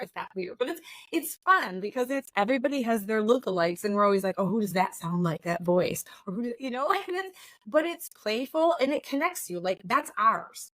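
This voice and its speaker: A middle-aged woman hosting a podcast, chatting in a lively, storytelling way with quick asides. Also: on the high side, dry recording. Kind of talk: casual conversation.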